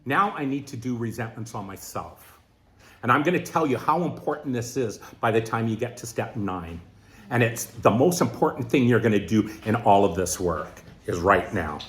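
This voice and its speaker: A man's voice: mid-range voice, normal speed. A man teaching a group workshop in plain, conversational words, often checking in with his listeners. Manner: animated, keeps checking in with listeners. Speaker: twelve-step workshop leader.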